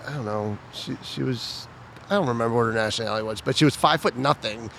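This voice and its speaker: A man in casual podcast chat with a mid-range voice, telling lively stories. He bursts into shouted impressions of a drill instructor. Faint urban traffic noise sits in the background. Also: mid-range voice, quick pace, vocal fry. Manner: animated storyteller, mimics shouting drill instructor. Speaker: podcast co-host.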